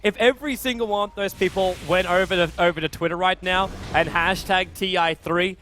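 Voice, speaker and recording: A young man casting a live esports match, chatting casually and then rising into fast, excited play-by-play during fights. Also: sits high, slight background noise. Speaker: esports caster. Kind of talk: live game commentary.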